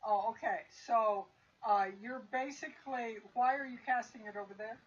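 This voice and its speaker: A woman's voice: a little high, moderate pace, muffled recording. A woman running a tabletop game as game master, checking rules and quizzing players about their moves. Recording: distant mic, keyboard typing noise.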